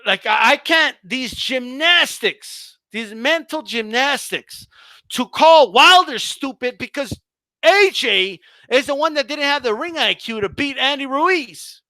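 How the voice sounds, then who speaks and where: A man's voice: extremely high pitch, expressive, measured pace, sharp tone, no room sound. A man hosting a boxing livestream, ranting heatedly with profanity and stammering restarts.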